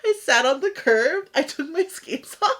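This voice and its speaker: A woman co-hosting a casual podcast, her voice sitting a little high. She tells stories animatedly, laughs often, and jumps even higher when she mimics other people's lines. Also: moderate pace. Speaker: podcast co-host. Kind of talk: casual storytelling chat.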